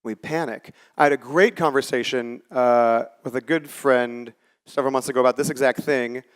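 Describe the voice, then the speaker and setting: A man's voice: mid-range voice, steady tone, moderate pace, clear, resonant tone. A man in his forties giving a conversational, story-driven talk on a conference stage and acting out the lines he quotes. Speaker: conference speaker. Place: conference stage before a live audience.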